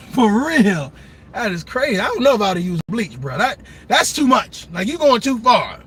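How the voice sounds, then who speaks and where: A man doing a loud, profane comedic rant, laughing often and slipping into mock voices. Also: sits high, big pitch swings, normal speed, breathy edge. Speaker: comedic commentator.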